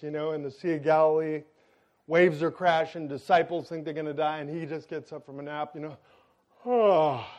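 A pastor delivers his sermon as a lively story, playing the other people's lines in quick little voices. He is a middle-aged man with a high voice. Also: dull audio. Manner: animated, jokey storytelling with acted-out quotes.

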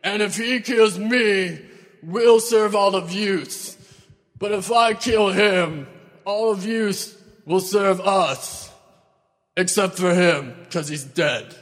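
A man voicing a boastful giant warrior who shouts a slow, loud challenge across a valley. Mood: defiant. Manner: loud, slow, booming taunts. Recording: long hall reverb.

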